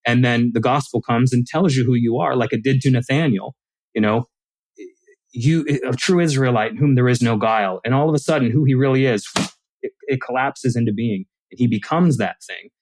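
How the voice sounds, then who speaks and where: A man's voice: medium pitch, a little fast, a little mellow, no room sound, low-quality recording. A man as an author guest in a casual conversation, telling stories animatedly and acting out quoted lines.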